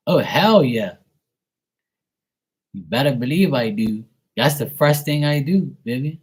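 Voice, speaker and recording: A man's voice: medium pitch, lively intonation, measured pace, breathy edge, rough recording. A man hosting a tarot reading live stream, telling profane, chatty anecdotes. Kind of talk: casual live-stream storytelling.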